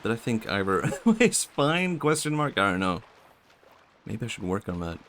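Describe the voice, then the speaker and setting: A young man with a Swedish accent and vocal fry, chatting softly and musing aloud while streaming a game. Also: on the low side, sing-song, normal speed, slight background noise. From Sweden. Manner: soft-spoken, musing, talks to chat. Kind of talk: casual game-stream chat.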